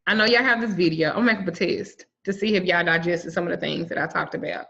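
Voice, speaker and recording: A woman talks fast with a low-ish, creaky, fairly bright voice and fairly even intonation. As an herbal and spiritual teacher leading a relaxed online herb class, she's blunt, bawdy, and swears freely, joking while spelling out each herb name letter by letter. The audio is lo-fi and muffled.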